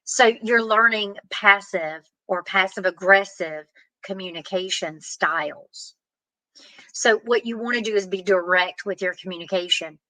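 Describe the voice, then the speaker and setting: A woman's voice: mid-range voice, unhurried, pushed and bright, dry recording, rough recording. A woman giving earnest, plain-spoken relationship advice, acting out example conversations. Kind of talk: direct-to-camera advice talk.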